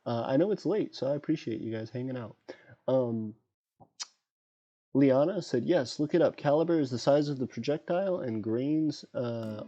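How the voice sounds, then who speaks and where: A man hosting a casual livestream while gaming, rambling excitably and chatting to the creatures on screen. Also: mid-range voice. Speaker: livestream host. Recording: dull lo-fi sound with faint background beats.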